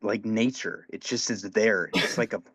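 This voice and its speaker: A man's voice: fairly low pitch, moderate pace, fairly bright tone, breathy edge, no room sound, clean studio sound. A man co-hosting a podcast, telling a rambling, profane story in casual chat. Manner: rambling storytelling, swears a lot. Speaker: podcast co-host.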